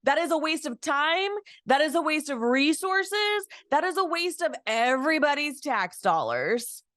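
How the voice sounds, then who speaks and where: Female co-host, high voice, dry close sound, earnest and indignant. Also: very animated, a little slow, fairly bright tone, no room sound. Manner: earnest, indignant, hesitant restarts. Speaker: podcast co-host. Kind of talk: casual chat.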